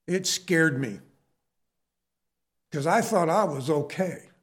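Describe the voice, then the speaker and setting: A middle-aged man preaching in an unhurried, easy rhythm, pausing between phrases. His voice sits a little high for a man. He tells personal stories and keeps asking his listeners questions. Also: animated. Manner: storytelling, conversational preaching with rhetorical questions. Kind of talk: sermon.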